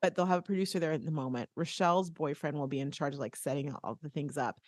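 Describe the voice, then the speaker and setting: A woman co-hosting a podcast, chatting casually and telling stories with quick laughs. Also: sits low, no room sound, studio quality. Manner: chatty, animated storytelling with laughs. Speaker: podcast co-host. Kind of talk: casual chat.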